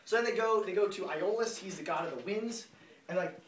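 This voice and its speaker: A man's voice: sits high, a little fast. A young man giving a casual class presentation, jokey and rambling, full of fillers. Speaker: student presenter. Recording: roomy classroom, distant mic, loud class laughter.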